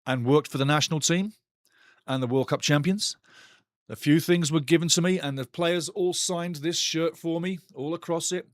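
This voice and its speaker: Reading viewer comments aloud during a live football watchalong stream, this host chats, talks football, and offers outspoken, blunt takes, repeating himself a lot. His voice is a little high; the desk mic recording is dry and studio quality.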